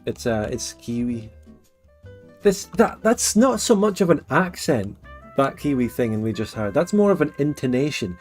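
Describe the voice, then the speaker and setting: A man's voice: medium pitch, big pitch swings, moderate pace, faint music behind. Musing man hosting a live stream. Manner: musing, trails off and restarts sentences. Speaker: stream host. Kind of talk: casual live-stream chat.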